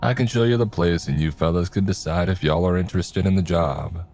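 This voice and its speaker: Guy doing a drawly old cowboy landlord, super deep, friendly and slow, faint music under it. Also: a little mellow. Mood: genial. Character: folksy older man in a cowboy hat, property owner.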